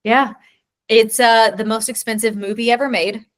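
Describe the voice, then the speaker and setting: A woman's voice: fairly high pitch, fairly even intonation, moderate pace, fairly bright tone. A woman co-hosting a podcast in casual chat, enthusiastically listing things one after another. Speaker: podcast co-host.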